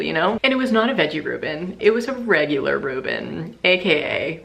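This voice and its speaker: A woman's voice: deep voice, big pitch swings, fairly quick, creaky, a bit bright. A young woman vlogging casually to her camera indoors at night, telling stories in a chatty way full of fillers. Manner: chatty, filler-heavy storytelling. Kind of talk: casual vlog talk to camera. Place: indoors at a rented cabin at night. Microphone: handheld camera.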